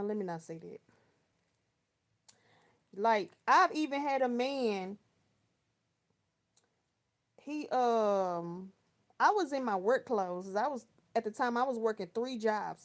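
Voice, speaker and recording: A woman around thirty from Texas, chatting casually on a livestream, telling stories in slang and answering viewers by name. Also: fairly high pitch. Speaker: live chat host. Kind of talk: casual livestream chat, reading viewer comments.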